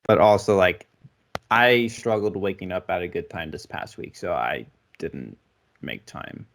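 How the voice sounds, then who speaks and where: Lower-pitched male co-host, chatty and casual with a sarcastic edge. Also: a little slow, creaky, a bit bright, slight background noise. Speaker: podcast co-host. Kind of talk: casual chat. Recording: voice call between two hosts.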